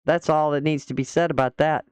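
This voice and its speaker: Woman host, mocking reaction commentary, smooth clear voice, dry close sound. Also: sits low, fairly even intonation, a little fast, a little mellow, no room sound. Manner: mocking, dismissive.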